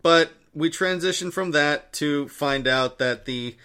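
A man's voice: fairly high pitch, a little slow, sharp tone, clear, resonant tone. A man in casual chat, retelling a story with lots of swearing and acted-out quotes. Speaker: podcast co-host recapping a story.

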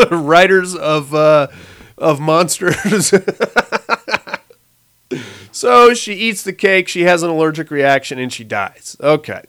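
A man's voice: a little high, expressive, slow, pauses often, a bit bright, smooth. A young man giving a casual, sarcastic recap of a horror TV episode, laughing at the plot and acting out lines.

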